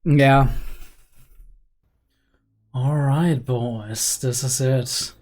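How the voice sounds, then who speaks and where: Young guy reacting to a show, chatty and rambly, lots of uhs and likes, mid pitch. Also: fairly even intonation, drawn-out words, a little mellow. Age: young adult. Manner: rambling, filler-heavy, chuckling. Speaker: reaction video host. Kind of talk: casual reaction commentary.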